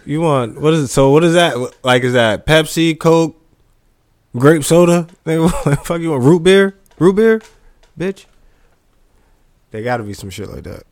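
A man's voice: on the high side, expressive, moderate pace, long pauses, darkish tone, no echo. A young American man chatting casually as he reacts to a video. He talks loosely, laughs often and swears freely.

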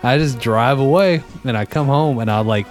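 A man's voice: mid-range voice, moderate pace, faint music behind. A young man in casual chat, telling a story with lots of swearing and acting out the voices of the people in it. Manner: animated, swearing, acts out quoted voices.

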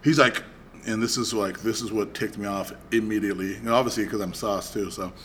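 Middle-aged guy rattling off a rowdy story on a podcast, quick talker, faint hiss behind. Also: on the low side. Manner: animated, profane, acts out both sides of a quarrel. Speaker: podcast host. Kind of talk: casual storytelling chat.

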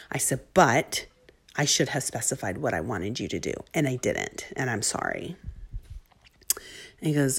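A woman in her thirties telling a heartfelt, self-critical story as a mother and often dropping into soft whispers. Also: low-pitched, husky. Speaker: mother sharing a parenting story. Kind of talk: candid personal talk to camera.

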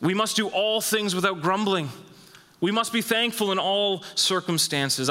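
Emphatic man preaching in a reverberant hall. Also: pushed and bright. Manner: emphatic, repeats phrases, rises in pitch when stressing a point. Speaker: pastor. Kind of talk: sermon.

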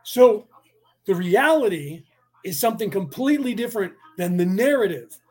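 A man's voice: high-pitched, lively intonation, moderate pace, a little mellow, slightly rough. A man giving a rambling, argumentative monologue that keeps asking "do you see?" and acts out the voices he quotes. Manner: repeats "do you see?" to press points. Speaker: speaker on politics and spirituality.

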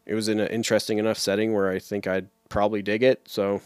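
A man's voice: fairly low pitch, fast talker, clear, resonant tone, no echo, clean studio sound. A young man co-hosting a casual podcast chat, rambling and swearing as he talks. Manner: animated, rambling, swears often. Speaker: podcast co-host.

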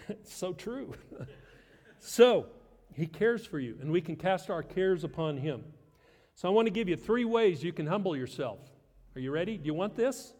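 Joking pastor preaching in a reverberant hall. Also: male voice, high-pitched, expressive, normal speed, a little mellow. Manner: conversational, self-deprecating humor. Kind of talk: sermon.

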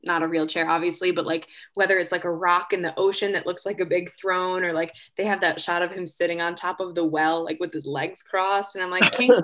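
A woman's voice: fairly low pitch, steady tone, brisk, hardly any pauses, fairly bright tone. A woman co-hosting a casual podcast chat, wry and opinionated, rambling through her points. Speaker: podcast co-host.

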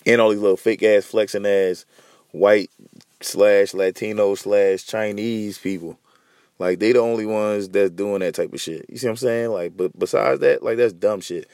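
Gravelly-voiced man ranting heatedly. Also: fairly low pitch, steady tone, moderate pace, a little mellow, no room sound, clean studio sound. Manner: heated, profane, repetitive. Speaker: podcast host. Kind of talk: casual podcast rant.

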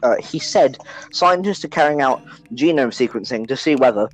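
A man's voice: mid-range voice, expressive, moderate pace, faint music behind, low-quality recording. A young man co-hosting a casual podcast, joking and swearing, reading a news report aloud between banter. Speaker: podcast co-host.

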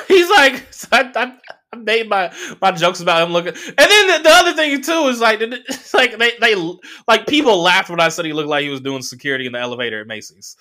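Lively high-voiced man telling a story. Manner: animated, laughing, swearing, acting out quotes. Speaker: comedian podcast host. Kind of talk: casual storytelling monologue.

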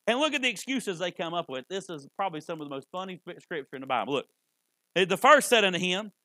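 Male preacher, high bright tone, dry close sound, folksy, stammering sermon. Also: sing-song, fast talker, no room sound. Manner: folksy, repetitive, stammers on restarts.

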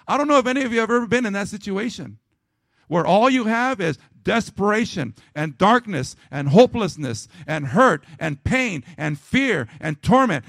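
A male pastor preaching a sermon to his congregation, rising to loud emphatic peaks and dropping to a quiet, low prayer. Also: dry recording, clean studio sound. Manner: calls out to the congregation.

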